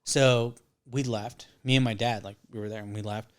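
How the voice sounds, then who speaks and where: A man's voice: lowish voice, fairly even intonation, moderate pace. A man in his thirties telling a long rambling story in casual chat, swearing often and acting out what others said. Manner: profane, rambling, acts out quotes. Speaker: podcast guest.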